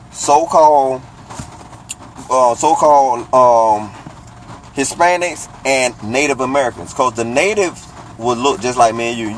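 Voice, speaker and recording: A man casually teaching from the Bible, breaking down the meaning of words and rereading verses slowly. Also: mid-range voice, a little hiss or hum, poor audio.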